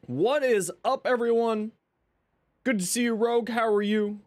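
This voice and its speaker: A man's voice: very high-pitched, normal speed, no room sound. A man live streaming a game, chatting casually with viewers and greeting them by name while he eats breakfast. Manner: greets chat by name, lively and upbeat; eating while talking.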